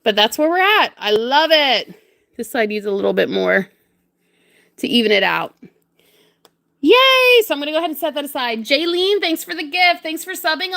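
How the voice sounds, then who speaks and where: Bubbly high-voiced woman. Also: bright, forceful tone. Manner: bubbly, greets and thanks viewers; giggly. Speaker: livestream crafter. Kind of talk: casual livestream chat.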